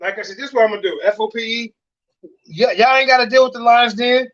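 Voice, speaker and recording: A man with a very high-pitched voice hosts a heated online group chat, ranting, swearing and circling back over his points. The sound is dry and close, with the muffled quality of call audio. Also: fairly even intonation, fast talker, fairly bright tone, no room sound. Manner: ranting, profane, repeats himself. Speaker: show host.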